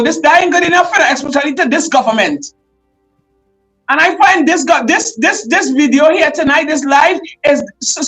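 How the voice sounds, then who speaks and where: A woman's voice: high-pitched, a bit bright, low-quality recording. A woman with a Trinidadian accent hosting a livestream, emotional and fired up, often raising her voice as she speaks out. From Trinidad and Tobago. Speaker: livestream host. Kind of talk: impassioned live commentary.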